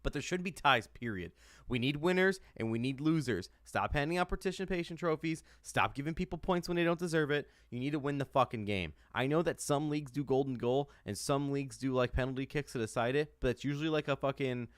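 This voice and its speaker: A man's voice: mid-range voice, a little fast, no room sound, clean studio sound. A man from the United States, a podcast co-host, ranting about sports with heavy swearing and lots of repetition. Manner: heated, swears a lot, repeats himself. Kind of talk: profane sports rant.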